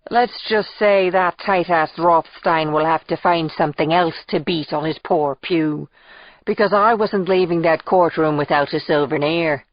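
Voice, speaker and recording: Audiobook: a brash, tipsy man shouting to a crowd, voiced by a woman narrator with a deep, dry voice. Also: a little slow, no echo, lo-fi sound. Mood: boisterous. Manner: loud, rowdy, blustering. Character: boisterous tipsy middle-aged man, loud and brash. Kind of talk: audiobook character reading.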